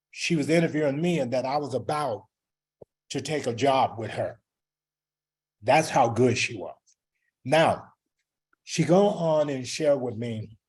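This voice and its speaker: A man's voice: medium pitch, slightly rough. A man with a mid-range voice recounts a sales story with energy. He acts out both sides of the conversation and chuckles at his own tale. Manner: lively anecdote, acting out both sides of a conversation. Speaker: direct sales recruiter. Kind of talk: storytelling talk.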